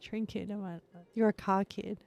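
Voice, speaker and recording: A woman's voice: medium pitch, little pitch movement, moderate pace, vocal fry, a little mellow, soft background music. A woman streaming live, chatting casually with her viewers and laughing often as she plays.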